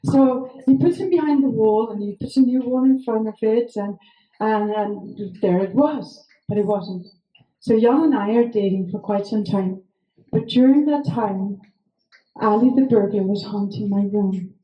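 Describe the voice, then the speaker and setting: A woman's voice: mid-range voice, measured pace, lo-fi sound. A woman telling a wild personal story in a casual, rambling way, swearing freely and dropping fillers; English is not her first language. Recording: echoey room, faint noise.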